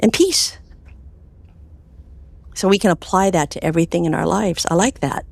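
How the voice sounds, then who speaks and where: A woman, a clinical hypnotherapist, talking as a guest in an interview, telling stories with animated swings up in pitch and soft whispers on quoted phrases. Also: moderate pace, gravelly, husky, dry recording. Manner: animated storytelling, voice jumping high with enthusiasm. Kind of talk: conversational interview.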